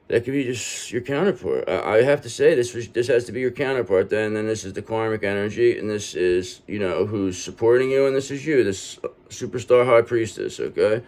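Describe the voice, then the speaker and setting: A man's voice: medium pitch, a little mellow. A man reading tarot cards and speaking straight to the viewer in a reassuring way, ending many points with "okay?". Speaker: tarot reader.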